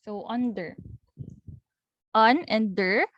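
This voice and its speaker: A woman with a Philippine accent giving a recorded linguistics lecture, patiently repeating example words slowly and clearly. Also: a little high, lively intonation, no room sound, muffled recording. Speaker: linguistics teacher.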